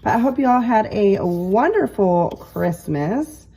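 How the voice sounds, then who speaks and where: Congested woman in her thirties, slightly nasal, casual kitchen chatter, mid-pitched. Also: expressive, measured pace, warm tone. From New York. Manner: chatty, rambling, many fillers. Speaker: cooking vlogger. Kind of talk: casual chat. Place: home kitchen.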